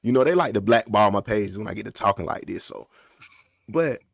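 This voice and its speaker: Gravelly, rambling male podcast host. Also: lowish voice, expressive, a little fast, dry recording, clean studio sound. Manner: loose, rambling, drawling slang with many fillers. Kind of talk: casual unscripted podcast talk.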